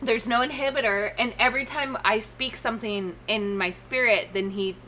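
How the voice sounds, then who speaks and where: Bright woman rambling with many "likes". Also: fairly high pitch, normal speed, a little hiss or hum. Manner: rambling, heavy use of "like". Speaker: co-host. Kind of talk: casual faith chat.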